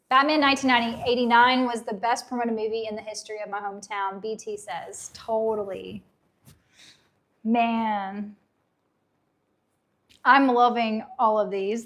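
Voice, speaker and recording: With a mid-range, somewhat bright voice, a thirty-something woman chats casually on her live unboxing stream. She reads comments from viewers with nostalgic enthusiasm, and her voice is going, getting slightly hoarse.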